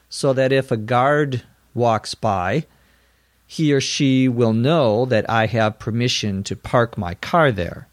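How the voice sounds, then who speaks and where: Slow, clear-spoken male English teacher. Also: mid-range voice, dry recording, clean studio sound. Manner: explains each word plainly, spells words out. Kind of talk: slow, clear vocabulary lesson for learners.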